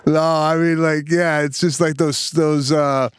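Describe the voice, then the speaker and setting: A man's voice: fairly high pitch, flat delivery, measured pace, clean tone, dry recording. A man co-hosting a podcast, asking teasing questions in casual chat. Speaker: podcast co-host.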